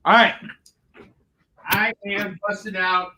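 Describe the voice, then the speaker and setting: High, bright-voiced playful comic seller. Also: male voice, flat delivery, slow. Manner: playful, jokey sales patter. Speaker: co-host selling comics. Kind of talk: live shopping show sales pitch.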